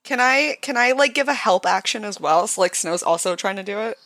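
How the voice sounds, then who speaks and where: A woman with a gravelly, creaky voice, recorded dry and close. She plays in a relaxed tabletop game and asks eager questions. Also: mid-range voice, brisk, no room sound. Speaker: player. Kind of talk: casual tabletop play.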